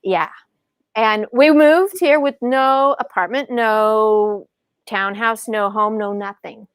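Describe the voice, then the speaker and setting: A middle-aged woman telling her story in an animated, casual way as an interview guest, acting out quoted lines in a higher voice. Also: slow pace, clean tone, dry recording, clean studio sound. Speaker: podcast guest, author and speaker.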